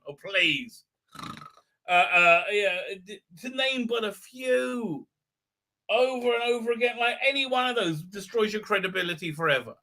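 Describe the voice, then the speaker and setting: Man, middle-aged, livestream host, rambling, fillers and restarts, high and piercing voice. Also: pushed and bright. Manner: rambling, many fillers and restarts, laughs often. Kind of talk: casual livestream chat.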